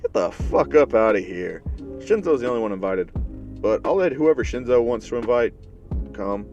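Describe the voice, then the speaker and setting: A man's voice: medium pitch, expressive, moderate pace, muffled recording, soft background music, lightly acted. A man voicing a cocky, hot-tempered young male hero who swears and mocks others. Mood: mocking. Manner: swearing, sarcastic, shouty when riled.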